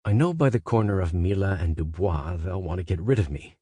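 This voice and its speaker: A man reading a literary story aloud as a first-person monologue. He speaks in a measured, conversational way and then rises into sudden emphatic questions. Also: low voice, animated, mellow, slightly rough, no room sound. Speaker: audiobook narrator. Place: studio booth. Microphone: close studio mic.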